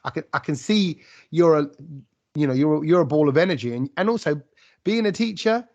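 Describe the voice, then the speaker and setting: Animated man, muffled sound. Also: on the high side, fairly quick. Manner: rambling, animated storytelling with many restarts. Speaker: podcast host. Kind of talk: casual conversational interview.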